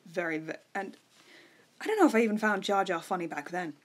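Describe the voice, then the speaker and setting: A woman co-hosting a podcast, talking about a film in a relaxed, wry, offhand way. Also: on the low side, brisk. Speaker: podcast co-host. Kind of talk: casual film discussion.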